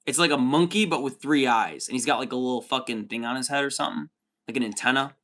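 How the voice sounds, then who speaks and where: A man's voice: mid-range voice, quick pace, fairly bright tone. A man in his thirties hosting a livestream, chatting casually and swearing often while reading out chat comments. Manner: profane, rambling, says dude a lot.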